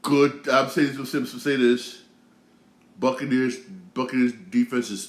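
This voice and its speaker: A man's voice: mid-range voice, fairly even intonation, a little slow, echoey room. A man in his thirties hosting his own show, ranting casually with lots of slang, repeats and restarts. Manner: repetitive, heated, slangy, many restarts. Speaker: show host. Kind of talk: casual rant commentary.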